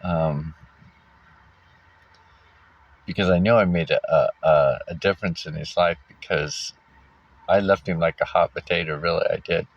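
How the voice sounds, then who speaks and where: A man casually telling a personal story, halting often with fillers and restarts and giving wry little laughs. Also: low voice, steady tone. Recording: dull lo-fi recording.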